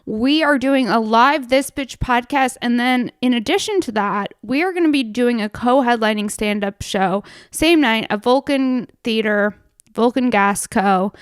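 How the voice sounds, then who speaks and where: A woman's voice: a little high, measured pace, clear, resonant tone, dry recording, clean studio sound. Brash, profane young woman comedian. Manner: brash, profane and playful, swinging from hushed asides to loud outbursts. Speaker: comedian hosting her own show. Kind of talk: casual comedic monologue.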